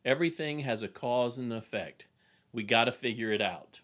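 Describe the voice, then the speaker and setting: A man playing a calm young general. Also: close to an everyday voice. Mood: grave. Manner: quiet, low and measured. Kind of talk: retelling a film scene.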